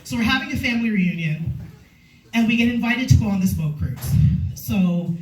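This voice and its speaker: A woman's voice: medium pitch, normal speed, faint music behind. A young adult woman performing a stand-up comedy set, telling stories and acting out quotes. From Canada. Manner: animated storytelling, acting out quotes. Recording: echoey room from far off.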